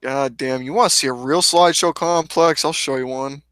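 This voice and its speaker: A man's voice: medium pitch, moderate pace, a bit bright, smooth, dry recording, studio quality. A man chatting casually as a guest, blunt and teasing, swearing often. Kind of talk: casual online chat.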